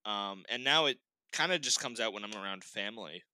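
A man's voice: lowish voice, expressive, a little fast, pushed and bright, clear, resonant tone, no echo, poor audio. A young man from Massachusetts in casual chat, rambling with plenty of fillers.

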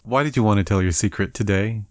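Calm, lowish-voiced male podcast host. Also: quick pace, dry recording, studio quality. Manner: calm, brief prompting questions. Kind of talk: interviewing a guest.

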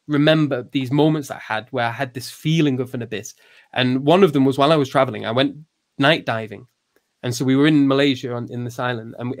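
A man explaining ideas in casual conversation, full of restarts and fillers, raising his voice when he acts out quotes. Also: medium pitch. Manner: hesitant, many restarts and fillers; acts out quoted lines with raised voice.

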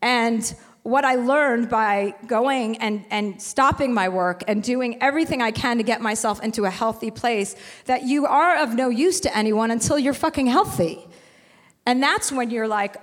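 A woman's voice: fairly high pitch, moderate pace, big-room sound. A woman in her forties hosting a live podcast, telling a personal story in a frank, profane, rambling way. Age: 40s. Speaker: podcast host. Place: live stage in a venue.

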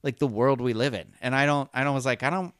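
Casting: male co-host, smooth resonant voice, dry close sound, chatty and halting. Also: medium pitch, steady tone, fairly bright tone, no room sound. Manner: rambling, halting, many restarts and fillers. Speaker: podcast co-host. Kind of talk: casual fan chat.

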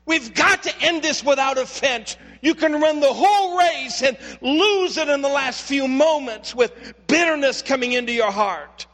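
An earnest male pastor delivers a sermon with a strikingly high, forceful voice. He repeats words as he builds and calls out directly to his congregation. A long hall reverb trails every phrase. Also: moderate pace. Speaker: lead pastor. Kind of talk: impassioned sermon.

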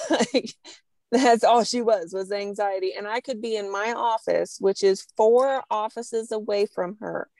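Slow-talking woman in a casual interview. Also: mid-range voice, dry recording. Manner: lively storyteller, laughs often. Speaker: guest.

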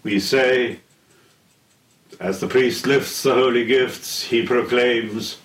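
Slow, solemn older man lecturing. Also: mid-range voice, steady tone. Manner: deliberate, solemn, pausing between phrases. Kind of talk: slow measured theology lecture. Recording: echoey room, heard from a distance.

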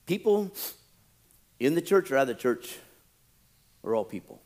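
A male pastor preaching a sermon, animated, often acting out quoted churchgoers. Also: medium pitch, moderate pace.

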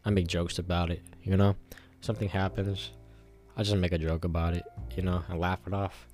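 A man's voice: sits low, level tone, a little fast, a little mellow, soft background music. A man telling a casual, rambling story to the camera, full of fillers and swearing.

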